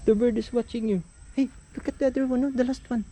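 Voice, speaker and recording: A woman's voice: on the high side, steady tone, fast talker, dark tone. A woman outdoors in a nature park, talking to a baby in a sing-song, coaxing way and pointing things out. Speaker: parent showing a baby around. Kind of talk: casual baby talk.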